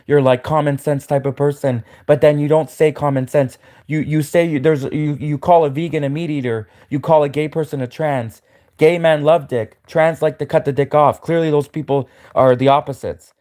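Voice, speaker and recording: A man with a fairly high voice rants at the camera. He stammers, restarts his sentences and repeats himself in a mocking tone. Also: darkish tone. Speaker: livestreamer. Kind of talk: ranting monologue to camera.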